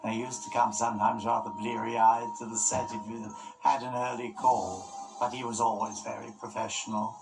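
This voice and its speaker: An older man recalls a film production in a reflective way. His voice has a gravelly edge. Music plays underneath. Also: medium pitch, flat delivery, moderate pace, poor audio. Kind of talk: interview recollection.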